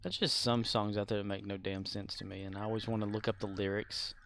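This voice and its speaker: A man's voice: on the low side, flat delivery, fast, a bit bright, slight background noise. A man streaming a game, chatting casually and rambling on, laughing often as he talks. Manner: rambling, talkative; laughs often while talking. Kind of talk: casual chat while gaming.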